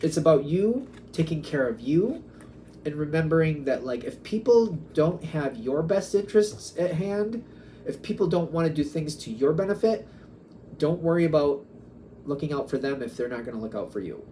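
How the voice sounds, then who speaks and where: Musing man giving a mellow tarot reading. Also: a little high, lively intonation, moderate pace, a little hiss or hum. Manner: musing, wandering, acts out quoted back-and-forth exchanges. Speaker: tarot reader.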